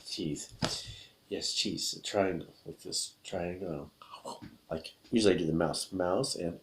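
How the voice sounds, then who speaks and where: A man with a low voice teaches English vocabulary in a video lesson, using gestures. He's upbeat and repetitive, saying each word slowly several times.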